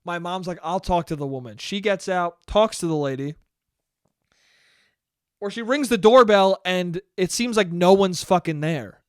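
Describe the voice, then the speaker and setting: High-voiced young man telling a story. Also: unhurried, clear, resonant tone, no echo, clean studio sound. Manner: animated, swears often, acts out quotes. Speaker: podcast host. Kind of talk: casual storytelling monologue.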